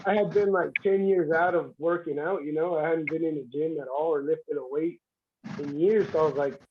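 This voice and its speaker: High-voiced man rambling on a call. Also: steady tone, a little fast, muffled recording, slight background noise. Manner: rambling, repeats words, laughs often. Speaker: guest arm wrestler. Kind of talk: casual livestream chat.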